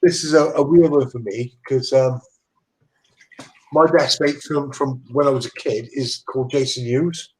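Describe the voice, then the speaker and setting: Husky man, joking casually. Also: mid-range voice, steady tone, moderate pace, poor audio. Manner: joking, self-deprecating. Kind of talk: casual chat among friends.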